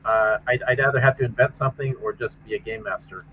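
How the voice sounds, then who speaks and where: A man game master talks quickly and loosely, often tripping back over his words. His voice comes through a dull, lo-fi line with faint music underneath. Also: on the low side. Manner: rapid, restarts and repeats words. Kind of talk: casual chat between tabletop players.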